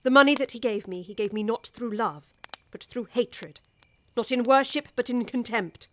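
A woman's voice: fairly high pitch, normal speed, a bit bright, natural voice. An actress with an English accent playing a worldly older woman who urgently pleads with a young wife, in a radio drama. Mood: pleading.

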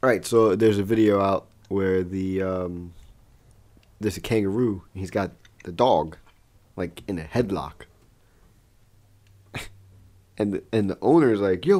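A man's voice: fairly low pitch, a little mellow. A man in casual podcast chat, telling stories loosely, laughing and swearing. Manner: loose, laughing storyteller with profanity. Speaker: podcast co-host.

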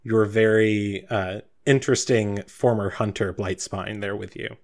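A man narrating as game master of a tabletop game, casual and self-deprecating, often pausing with fillers. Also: fairly low pitch, steady tone, creaky, a little mellow.

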